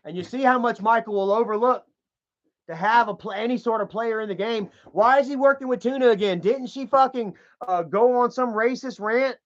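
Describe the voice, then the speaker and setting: A man with an extremely high, fairly quick voice rants profanely to his viewers while browsing web pages. He's a commentary vlogger, and the audio sounds dull and lo-fi.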